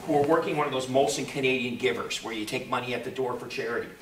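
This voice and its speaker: A man's voice: medium pitch, fast talker. A man hosting a convention panel, telling an anecdote to a live audience and acting out the people in it. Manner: lively storyteller, acts out the people in his story. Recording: echoey room, voice from far off.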